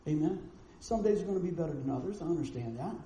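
A man preaches a storytelling sermon, acting out each character in his stories. His voice sits high but sounds warm and soft-edged. The church sanctuary gives it a roomy echo with faint noise underneath. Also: fast talker. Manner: animated, acts out the people in his stories.

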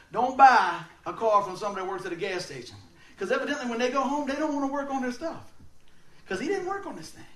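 A man giving a sermon, telling stories in an animated way and laughing often as he talks. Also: sits high. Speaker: preacher. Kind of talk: storytelling sermon. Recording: roomy sound, mic at a distance.

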